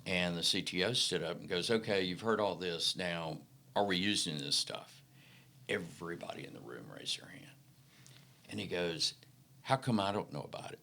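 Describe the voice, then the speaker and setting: A middle-aged man from the Delta, a podcast guest telling folksy, animated stories about his career. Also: low voice, moderate pace. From Mississippi Delta, American South. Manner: folksy, animated anecdotes with acted-out quotes. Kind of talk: casual storytelling interview.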